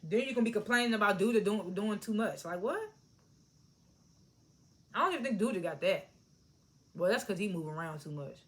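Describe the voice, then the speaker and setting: A woman casually recapping and reviewing a TV episode, blunt and animated, swearing freely and laughing often. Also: medium pitch, fairly quick, long pauses.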